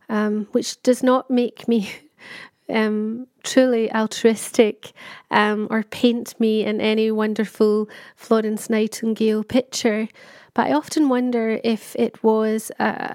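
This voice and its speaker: Middle-aged woman, candid personal monologue, chatty with fillers, slightly high voice. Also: a little mellow, no room sound, studio quality. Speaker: patient telling her story.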